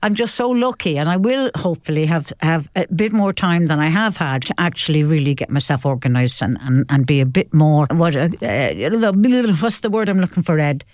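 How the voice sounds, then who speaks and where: An older woman tells stories as a guest in a chat interview. Her telling is lively and animated, full of repetitions and laughter. The sound is close and dry. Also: sits low, normal speed, few pauses, no room sound. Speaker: actress and guest. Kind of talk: chatty interview storytelling.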